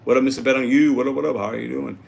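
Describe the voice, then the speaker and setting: A man's voice: mid-range voice, fairly even intonation, racing, vocal fry, darkish tone. A man hosting a casual livestream, reading out and answering viewer comments in an upbeat, chatty way. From Puerto Rico. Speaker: livestream host reading chat.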